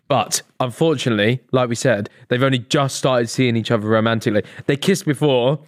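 A man's voice: mid-range voice, brisk, no room sound, studio quality. A young man co-hosting a podcast in casual chat, sweary and jokey, laughing often. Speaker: podcast co-host. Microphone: studio podcast mic.

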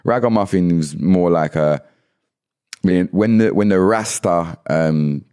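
A man's voice: sits low, takes it slowly, mellow, clean tone. A man, a podcast guest, chatting casually and animatedly while explaining slang, laughing often.

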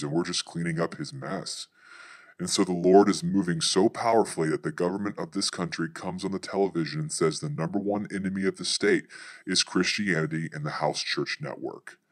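Male pastor, low register, brisk storytelling testimony. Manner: fast narrative storytelling.

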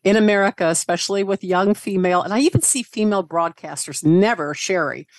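Southern comic, woman, lively storyteller, dry studio sound. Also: mid-range voice, fairly quick, dry recording. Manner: animated storyteller, mimics voices. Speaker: guest, comedian. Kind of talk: casual interview chat.

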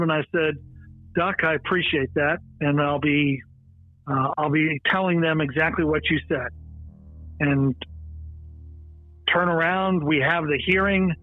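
A man recalls a courtroom scene in a measured, opinionated way, pausing often on fillers. His voice sits a little high for a man. It comes through a tinny, phone-like line with soft music underneath. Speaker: prosecutor. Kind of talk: interview recollection.

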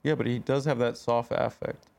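A man's voice: mid-range voice, steady tone, moderate pace, creaky, a little mellow, slight background noise. A man co-hosting a comedy podcast, riffing playfully with absurd jokes in casual banter. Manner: playful, absurd, doing silly voices. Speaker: podcast co-host.

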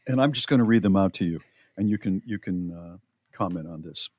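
A man's voice: low-pitched, fairly quick, darkish tone, no room sound. A middle-aged man hosting a radio show, reading items aloud in casual banter and reacting with mock disgust.

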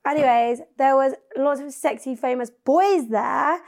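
Young British woman podcast host, slightly high voice, loose, sweary storyteller. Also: a little slow, creaky, a little mellow. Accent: British English. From England. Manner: chatty, swearing, storytelling with a teasing bluff. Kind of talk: casual chat.

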